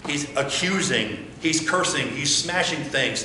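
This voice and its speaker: A male pastor preaches with a bright, cutting tone, firing rhetorical questions and hammering phrases through repetition. His voice rings around a very echoey church sanctuary. Faint noise sits underneath. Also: a little high, normal speed, few pauses. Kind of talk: sermon.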